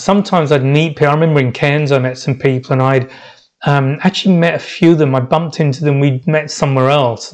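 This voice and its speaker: A middle-aged man recounting a long solo journey on his podcast. His delivery wanders and doubles back, circling his thoughts in an unhurried, reflective way. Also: medium pitch. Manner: rambling, reflective, many restarts. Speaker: podcast host. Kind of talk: reflective travel storytelling podcast.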